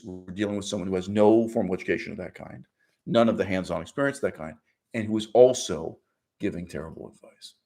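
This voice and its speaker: A man hosting his own channel, delivering an opinionated monologue with emphatic stresses, frequent restarts and short laughs. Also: darkish tone. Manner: argumentative, emphatic, with sudden pitch jumps and mock quotes; restarts and fillers, laughs while speaking. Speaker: channel host.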